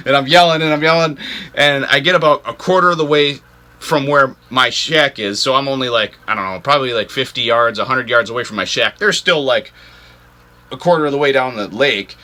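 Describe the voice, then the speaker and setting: A man hosting an outdoors channel, telling a story to camera in a rambling, animated way, full of "like" fillers. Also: medium pitch, fairly quick. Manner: rambling, animated, heavy use of "like". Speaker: ice fishing channel host.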